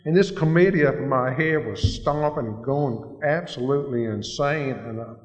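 A man's voice: medium pitch, moderate pace. A man giving an earnest, plain-spoken personal testimony at a recovery meeting. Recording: echoey hall, dull lo-fi sound.

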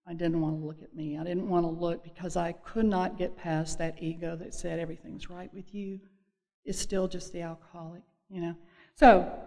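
A woman's voice: fairly low pitch, a little mellow. Woman giving testimony in an echoing hall. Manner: earnest, halting, many fillers and restarts. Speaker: recovery meeting speaker. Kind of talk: personal recovery testimony. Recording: long echo of a hall.

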